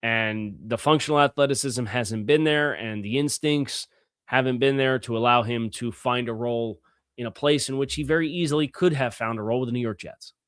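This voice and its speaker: A man's voice: medium pitch, fairly quick, smooth, dry recording, clean studio sound. A man hosting a sports podcast, talking through player stats in a loose, conversational way and also reading ads. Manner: conversational, fillers and restarts, stresses key words. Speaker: podcast host. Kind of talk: sports analysis podcast with host-read ads.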